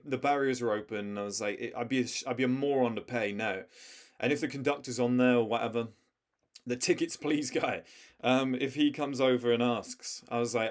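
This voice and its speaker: Blunt man giving life advice. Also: mid-range voice. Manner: blunt, emphatic, uses slang and swearing. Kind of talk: casual direct-to-camera advice talk.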